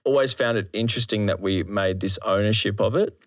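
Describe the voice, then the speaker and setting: A man guesting on a chat show, speaking thoughtfully and getting animated as he makes his points. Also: lowish voice, a little fast, dry recording, studio quality. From Australia. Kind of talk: casual chat.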